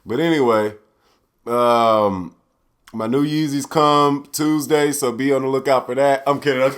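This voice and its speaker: A young man hosting a casual solo podcast, loose and profane, swinging from loud outbursts to low mutters. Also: normal speed, clear, resonant tone. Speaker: podcast host.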